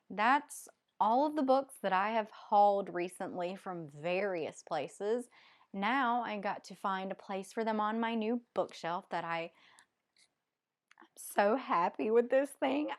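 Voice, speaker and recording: A woman's voice: mid-range voice, lively intonation, slow. A woman with a Southern US accent chatting casually as a book vlogger, rambling and hesitant with many ums. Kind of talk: casual chat.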